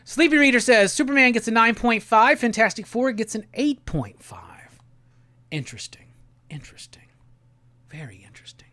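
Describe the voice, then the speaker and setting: A man hosting a casual live stream. He talks in a laid-back, slangy way and reads viewer comments aloud in quick bursts. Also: very high voice, sharp tone, dry recording. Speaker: livestream host. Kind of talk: casual livestream chat, reading viewer comments.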